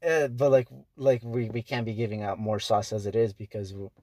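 A man's voice: on the low side, brisk, dark tone, dry recording. Young man rambling through a funny story. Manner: rambling storyteller, heavy swearing, lots of fillers. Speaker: podcast host. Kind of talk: casual chat. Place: podcast.

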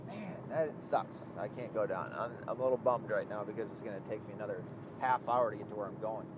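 A man's voice: lowish voice, fast talker. Profane man rambling while driving. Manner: profane, rambling, loses his train of thought. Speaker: vlogger. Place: inside a car on the road. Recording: steady car road noise.

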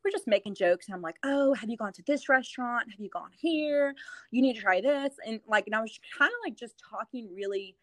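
A woman's voice: a little high, expressive, brisk, a bit bright, dry recording. Chatty, giggly woman in a dry room. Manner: giggly, chatty storyteller with lots of fillers. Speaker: real estate agent and TV show host. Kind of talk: casual interview chat.

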